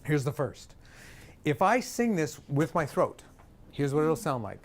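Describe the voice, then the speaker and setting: A man teaching a singing lesson in front of an audience, coaching with lively talk and breaking into sung examples. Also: fairly high pitch, a little slow.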